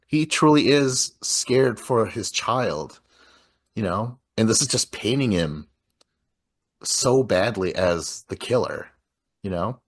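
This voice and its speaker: Low husky man recapping a film. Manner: rambling, lots of filler words, recaps scenes. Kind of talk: casual film discussion.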